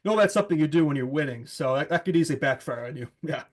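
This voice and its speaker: A man's voice: fairly high pitch, animated, fast. A man co-hosting a casual sports talk show, chatty and laughing often, with many fillers. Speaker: co-host.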